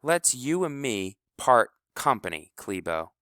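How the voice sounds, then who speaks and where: A man's voice: medium pitch, very animated, a little slow, sharp tone, no room sound, clean studio sound, pitched above the performer's own voice. A man doing a curt, stubborn boy. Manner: curt, dismissive.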